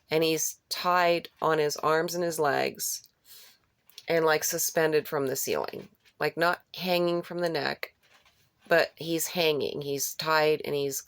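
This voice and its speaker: Low, gravelly woman for an unscripted dream-retelling vlog; rambling delivery that repeats key phrases, dry close sound. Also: no room sound. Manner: rambling, with restarts and searching for words. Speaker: vlogger recounting a dream.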